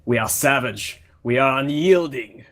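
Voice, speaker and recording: A man's voice: mid-range voice, unhurried, a bit bright, lightly acted. A savage, proud Draken warrior, played by a man speaks with a Russian accent. He boasts of slaughter and growls threats at anyone who doubts him. The voice comes through a gamer's voice chat headset. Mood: haughty.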